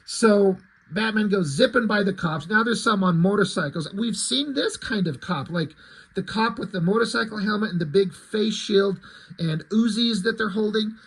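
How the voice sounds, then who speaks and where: A man's voice: high-pitched, normal speed, a bit bright, husky, poor audio. A man reviewing a comic book in casual commentary, sarcastic and profane, with frequent asides.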